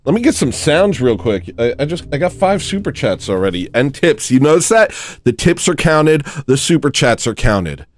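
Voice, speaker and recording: A man hosting a comedic livestream, chatting in a rambling deadpan way and thanking viewers for tips. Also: fairly high pitch, normal speed, hardly any pauses. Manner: deadpan, drifts into loud baby-cry impressions. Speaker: livestream host.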